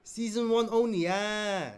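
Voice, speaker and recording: Guy co-hosting a q&a, talks real slow, keeps stumbling over words. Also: high voice, clear, resonant tone. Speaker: co-host. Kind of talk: casual Q&A chat.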